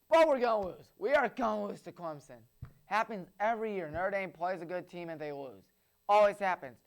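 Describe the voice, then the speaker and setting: A man's voice: high voice, fairly bright tone, clear, resonant tone. A young man hosting a sports talk show, reeling off game picks with jokey, opinionated asides. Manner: jokey, opinionated, rapid-fire predictions. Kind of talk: solo sports picks commentary.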